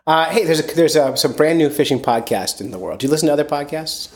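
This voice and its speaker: A man's voice: a little high, lively intonation, fast talker. A man hosting a casual fishing podcast, talking in a rambling way with lots of fillers and restarts. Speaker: podcast host. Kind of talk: casual chat.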